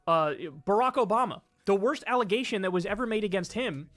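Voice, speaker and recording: A high-voiced man presses his side of a political argument, emphatic and sweary. The sound is dry and close. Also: fairly quick, a bit bright, no room sound. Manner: emphatic, profane. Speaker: debate participant.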